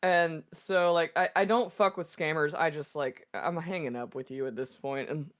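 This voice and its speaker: A woman's voice: low voice, normal speed. A woman chatting casually on a live art stream, telling stories with many likes and restarts.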